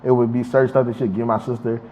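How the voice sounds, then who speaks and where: A man's voice: mid-range voice, level tone, racing. A young man talking in a casual interview, heartfelt and emphatic, often repeating his words. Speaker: interviewee, university student. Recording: dull lo-fi recording with faint noise.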